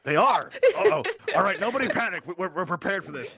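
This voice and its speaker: A man's voice: sits high, sing-song, fast talker, vocal fry, bright, forceful tone, husky. A man hosting a live virtual reality game show, bantering playfully and teasing his contestants.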